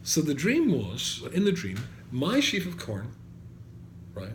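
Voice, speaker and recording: In a slightly high, slow voice whose pitch swoops wildly, a rabbi leads an animated Torah class. He recites Hebrew verses, translates them and puts questions to his students. Echo fills the room, and faint background noise can be heard.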